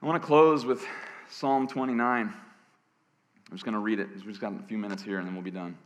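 Hoarse, gravelly preacher in echoing hall. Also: male voice, on the low side, steady tone, normal speed. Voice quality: gravelly, scratchy. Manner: emphatic, swinging from loud bursts to hushed lines. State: hoarse from cheering. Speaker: pastor. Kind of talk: sermon. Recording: long reverb of a large hall.

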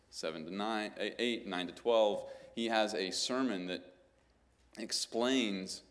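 A man's voice: sits low, fairly bright tone. Man preaching a Bible sermon. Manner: teaching through scripture, rising to emphatic exclamations.

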